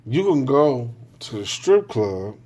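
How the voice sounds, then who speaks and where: A man's voice: medium pitch, sing-song, warm tone, breathy edge. A man hosting his own show, ranting alone in casual, profane street slang and mimicking other people as he goes. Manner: acts out other people in quick impressions. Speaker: podcast host. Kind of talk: casual monologue rant.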